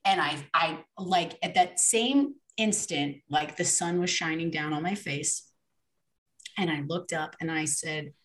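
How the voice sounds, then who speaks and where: A woman guest on a podcast, telling her personal faith story in a casual, animated way, full of "um" and "like" and acted-out dialogue. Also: sits low, unhurried. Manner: animated, with fillers and reenacted dialogue.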